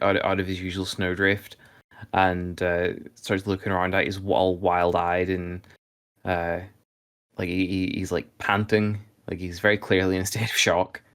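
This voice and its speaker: Deep-voiced man running a tabletop game. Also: fairly bright tone. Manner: halting, lots of fillers. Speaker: game master.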